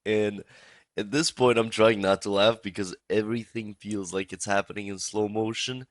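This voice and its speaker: A man's voice: on the low side, no room sound. A young man hosting his own storytime channel, telling a comic story in a casual, profane, exaggerating way. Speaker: storytime YouTuber.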